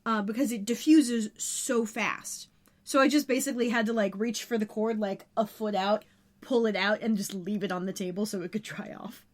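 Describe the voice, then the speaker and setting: A woman's voice: medium pitch, fairly even intonation, normal speed. A woman co-hosting a podcast, talking through an episode in a loose, chatty way. She rambles and trails off with fillers as she goes. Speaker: podcast co-host. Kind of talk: casual recap chat.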